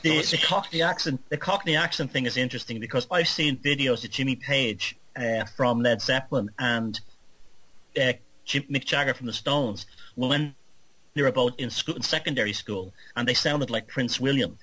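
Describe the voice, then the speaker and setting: A man interviewing on talk radio, speaking in animated, critical, long run-on stretches. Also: mid-range voice, moderate pace, slightly rough, poor audio.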